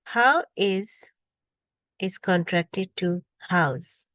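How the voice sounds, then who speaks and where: A woman's voice: medium pitch, animated, takes it slowly, no echo. A woman teaching an English grammar lesson, reading out example questions one by one and stressing each example.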